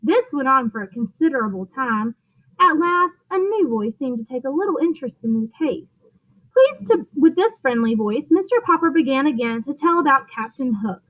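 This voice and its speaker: Expressive woman reading to children. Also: high voice, moderate pace, dull audio. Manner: expressive, occasional stumbles. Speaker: teacher reading aloud. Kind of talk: read-aloud storytelling for children.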